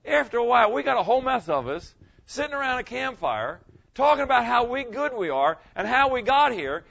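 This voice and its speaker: The pastor here is a middle-aged man with a very high, creaky, slightly bright voice, preaching briskly and with great animation. In a church sanctuary he speaks conversationally, repeating phrases and questioning his congregation, captured on a dull lo-fi recording.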